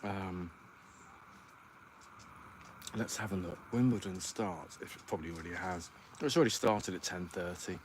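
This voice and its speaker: A man hosts a relaxed solo livestream from home, letting his thoughts wander aloud and filling the gaps with ums. His voice sits on the low side. A faint hiss runs underneath. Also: moderate pace, pauses often. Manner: rambling, thinks aloud with many ums. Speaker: podcast host. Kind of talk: casual solo livestream chat.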